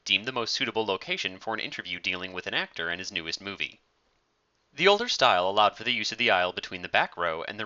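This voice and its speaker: A male narrator reading a story with a lively, rising-and-falling delivery. His low-ish voice has a sharp, bright edge, heard through a muffled lo-fi recording. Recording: dull lo-fi recording.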